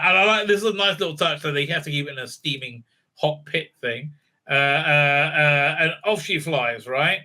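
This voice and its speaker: Guy rambling through a tv recap, really bright voice, lots of uhs and restarts. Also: a little high. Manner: rambling, many fillers and restarts, acts out quotes. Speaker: video reviewer. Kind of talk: casual spoken recap and review.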